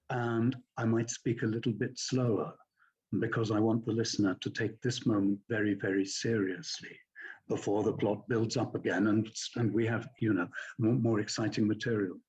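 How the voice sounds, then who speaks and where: An older man, an actor and audiobook narrator, explaining reading technique in a measured, explanatory way. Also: fairly low pitch, flat delivery, a little mellow, highs cut off. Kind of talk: conversational teaching.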